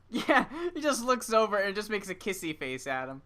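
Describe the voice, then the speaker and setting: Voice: medium pitch, sing-song, normal speed, pushed and bright. A podcast co-host in a casual chat, rambling through memories, laughing along and swearing casually.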